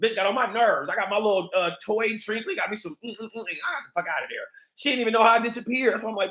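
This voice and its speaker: A man's voice: sits high, lively intonation, rapid-fire, few pauses, a bit bright. A man hosting his own vlog, telling a rambling, profane story in a casual monologue. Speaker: vlog host. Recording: echoey room.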